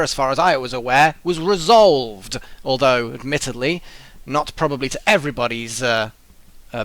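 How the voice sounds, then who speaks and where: Lively male player in character. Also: fairly high pitch, dry recording, rough recording. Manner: polite, formal speech in character. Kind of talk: tabletop role-play.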